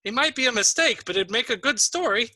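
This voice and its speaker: A man's voice: very high-pitched, lively intonation, a little fast, pushed and bright, no echo, clean studio sound, far from the mic, voice pushed up, full character voice. A man voicing a cheery, adventurous old male prisoner in a dungeon cell. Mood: excited.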